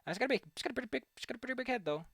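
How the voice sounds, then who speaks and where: A young man chatters goofily while he draws, bouncing his voice up and down with lively swings. His tone is bright and a little sharp. The sound is dry and close, with no room around it. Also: very high voice, very fast, gravelly, husky, dry recording. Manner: goofy, rambling, playful repetition. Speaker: streamer. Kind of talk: casual commentary while drawing.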